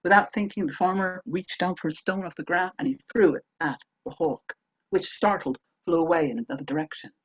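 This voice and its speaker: Brief: woman storyteller, dramatic folk-tale telling, husky edge, dry close sound. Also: fairly low pitch, fairly quick, no echo, lo-fi sound. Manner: dramatic, shifting between hushed and emphatic.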